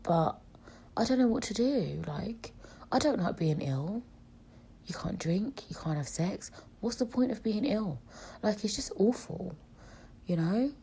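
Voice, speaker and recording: Speaking at an unhurried pace, this young British podcast host has a medium-pitched, expressive, warm voice, with slight background noise in the recording. She's on her own, nursing a cold, and talks candidly and chattily with lots of swearing.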